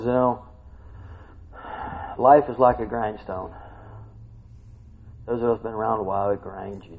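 A middle-aged male pastor preaching a sermon, tired, animated, swinging from quiet talk to shouting. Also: medium pitch, breathy edge. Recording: dull lo-fi recording.

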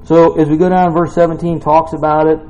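A man's voice: a little high, little pitch movement, a little fast, mellow, dull audio. A man giving a casual, jokey sermon in a church, rambling into asides between scripture readings. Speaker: preacher.

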